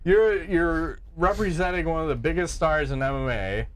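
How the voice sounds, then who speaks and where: A man's voice: a little high, normal speed. A man co-hosting a podcast in casual, joking chat, swearing freely. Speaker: podcast co-host.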